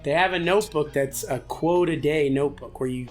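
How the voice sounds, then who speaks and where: A man's voice: a little high, fairly quick, soft background music. A man co-hosting a comedy podcast, chatting casually and joking with his friend. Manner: easygoing, joking banter. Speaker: podcast co-host. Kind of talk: casual chat.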